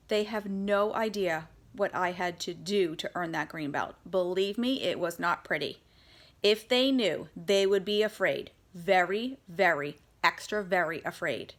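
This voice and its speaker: A woman's voice: mid-range voice, a bit bright. A woman narrating a children's chapter book in the first person of a young girl, doing character voices for the dialogue. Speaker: audiobook reader.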